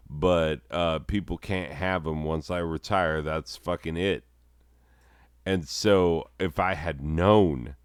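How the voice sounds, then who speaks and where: Low, slow-talking profane comedy host. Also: male voice, smooth, dry recording, clean studio sound. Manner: swears constantly, ranting and deadpan.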